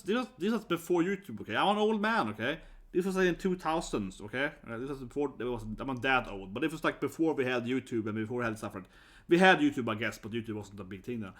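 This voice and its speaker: A Swedish man in his thirties tells a story in a loose, casual vlog style. He is blunt and animated, and his voice sits a little on the high side. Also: quick pace. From Sweden. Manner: animated, blunt, swears and laughs often. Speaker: vlogger.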